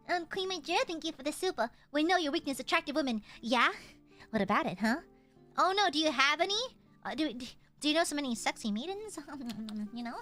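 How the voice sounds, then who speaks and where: A woman's voice: high voice, expressive, brisk, a bit bright, soft background music. A young woman streamer chatting casually and teasing her viewers in a playful, goofy way. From United States.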